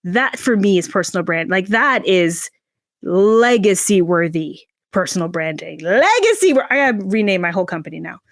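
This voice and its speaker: A woman talks as a podcast guest and tells her story with a lot of expression, acting out quoted lines. Her voice sits at a middle pitch. The sound is dry and close. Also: sing-song, normal speed, dry recording. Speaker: podcast guest, personal brand coach. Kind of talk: animated storytelling in an interview.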